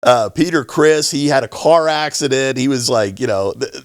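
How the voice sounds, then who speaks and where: A man's voice: moderate pace, no room sound, studio quality. A middle-aged man co-hosting a casual podcast, telling a story and acting out other people's lines with big jumps in his voice. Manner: animated storyteller, acts out quotes with big pitch jumps. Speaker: podcast co-host. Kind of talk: casual chat.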